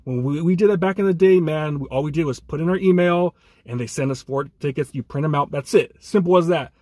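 Man, angry fan rant, husky voice, higher pitch, dry close sound. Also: a little fast, dark tone, no room sound. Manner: angry ranting, repeats "man". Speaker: podcast co-host.

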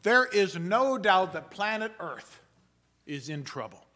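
A man, a pastor, preaching a sermon in a measured, emphatic way and slowing down for quoted passages. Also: high voice, very animated, pushed and bright. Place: church sanctuary.

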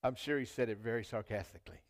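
A man's voice: mid-range voice, quick pace. A man preaching a sermon in a church, talking casually and reading scripture aloud with rising emphasis. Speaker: pastor.

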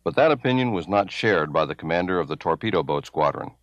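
A man giving grave, measured scripted narration for a documentary. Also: low voice, lively intonation, lo-fi sound. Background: music.

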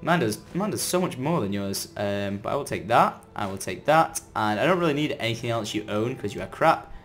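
A man giving chatty, excitable commentary as he plays a game, breaking into sudden loud outbursts. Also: medium pitch, a little fast, faint music behind. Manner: chatty running self-talk while playing. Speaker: gaming video creator. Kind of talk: let's-play gameplay commentary.

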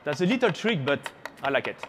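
A man's voice: a little high, big pitch swings, quick pace, noisy background. A man from France with a French accent, a chef giving a chatty live cooking demonstration on a trade show stage, teasing the audience and slipping into French phrases.

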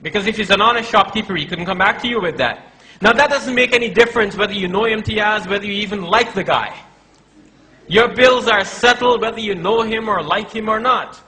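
Bright-voiced man giving a religious lecture. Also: high voice, brisk, rough recording. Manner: argumentative, acts out quoted dialogue; addresses audience as brothers. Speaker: Islamic preacher.

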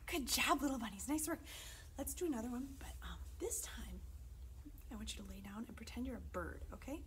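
A woman children's librarian leading a sing-along, cheery and coaxing, talking softly to the kids between loud chants. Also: a little high, animated, fairly quick, very noisy.

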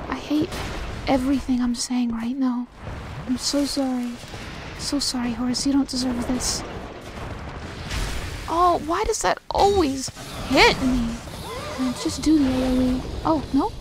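A woman's voice: sits high, measured pace, pauses often, noisy background. A young woman doing casual, rambling gameplay commentary, talking to herself and getting exasperated as she plays. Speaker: let's play host.

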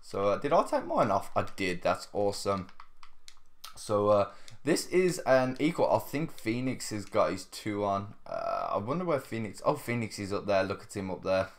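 A man's voice: fairly low pitch, very animated, moderate pace. Tired, chatty man narrating gameplay. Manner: chatty, keeps addressing viewers, laughs often. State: tired and yawning. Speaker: gaming video host. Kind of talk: casual gameplay commentary.

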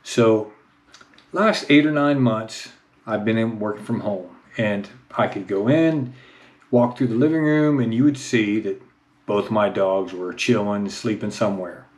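A man's voice: lowish voice, a little slow. A middle-aged man, telling a casual, self-mocking story at home in his home office. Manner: chatty, self-mocking, rises into excited baby-talk with the dog. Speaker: vlogger.

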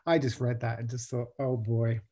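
A man of ordinary pitch hosting a bookshop's author talk over a video call. He speaks haltingly, restarting often and searching for his words. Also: level tone, warm tone. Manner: halting, many restarts and fillers. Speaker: bookshop event host. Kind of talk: hosting an online author event.

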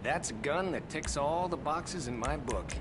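A smooth gun shop clerk. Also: male voice, a little high, expressive, a little slow, background noise. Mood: polite sales pitch. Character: calm adult male gun shop clerk.

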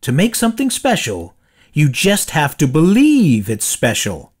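A man voicing a gentle, fatherly older male noodle cook, encouraging and kind, in a storybook reading. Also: a little high, wildly swooping pitch, unhurried, breathy edge, heavily acted.

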